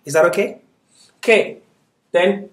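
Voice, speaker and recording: A man's voice: high voice, unhurried, fairly bright tone, roomy sound, far from the mic. A man teaching a beginners' Arabic class, patiently drilling syllables aloud and constantly checking that his students are following. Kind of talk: classroom lesson.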